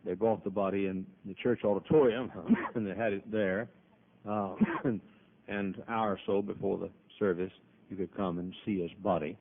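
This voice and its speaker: Over the PA microphone in a church auditorium, a pastor preaches in a folksy, emphatic style, pausing often to cough. His low voice keeps fairly even intonation at a moderate pace, and the audio is narrow and tinny, like a phone line.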